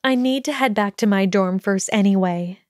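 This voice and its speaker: A woman voicing an earnest, weary young witch student in a storybook reading, speaking quickly and pleadingly. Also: medium pitch, dry recording, clean studio sound, close to an everyday voice.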